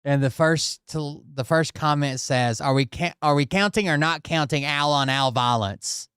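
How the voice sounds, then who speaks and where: A man's voice: a little high, normal speed, fairly bright tone, clear, resonant tone, dry recording. A man hosting a reaction commentary show, blunt and sarcastic, swearing freely as he introduces clips. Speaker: commentary channel host.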